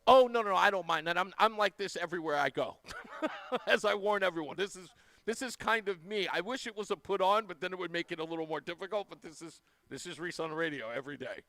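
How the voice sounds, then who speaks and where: A man's voice: sits high, fast talker, bright, forceful tone. A man hosting a live radio talk show, chatting casually and effusively thanking donors. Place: radio studio.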